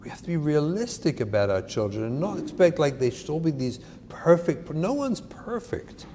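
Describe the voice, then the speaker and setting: A man's voice: fairly high pitch, big pitch swings, moderate pace, dark tone. A man giving an earnest, emphatic inspirational talk on parenting, mixing in Hebrew terms. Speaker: parenting speaker. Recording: echoey hall, faint noise.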